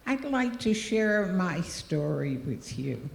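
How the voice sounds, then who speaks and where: An older woman speaks very slowly and deliberately as an honored guest, gracious in tone. Her voice carries through a roomy hall with a long, lingering reverb. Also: on the low side, sing-song, gravelly. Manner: very slow, deliberate, gracious delivery. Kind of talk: formal ceremony speech. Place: large hall.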